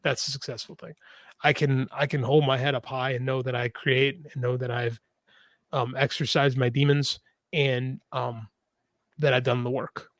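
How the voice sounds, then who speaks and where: A man's voice: mid-range voice, little pitch movement, normal speed, fairly bright tone, no echo. A middle-aged man, an author and podcast co-host, talking frankly and at length in a casual interview, swearing freely and often restarting his sentences.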